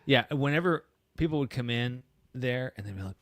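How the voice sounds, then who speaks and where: A man's voice: medium pitch, quick pace, hardly any pauses, fairly bright tone, no echo, clean studio sound. A man co-hosting a podcast, sarcastic and acting out quotes in a casual comedic chat. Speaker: podcast co-host.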